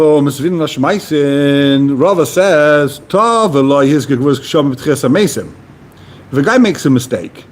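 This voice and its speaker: A man's voice: on the high side, a little hiss or hum. A man teaching a Talmud class, reading phrases aloud and then explaining them in plain, casual words. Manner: reads Aramaic phrases then translates casually, animated. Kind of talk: explaining Talmud text to a study partner.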